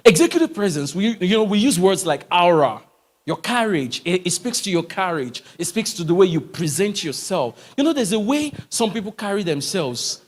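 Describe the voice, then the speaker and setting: Brief: lively male speaker, high and swooping, emphatic, quizzes the crowd. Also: normal speed. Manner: emphatic, animated, asks rhetorical questions. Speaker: motivational speaker. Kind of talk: live talk to a church audience. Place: church hall, live audience.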